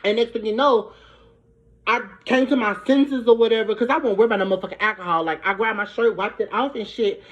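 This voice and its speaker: A young woman from Brooklyn, telling a profane, animated storytime. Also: a little high, quick pace. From Brooklyn, New York. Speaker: vlogger. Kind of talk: storytime vlog. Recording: dull lo-fi recording.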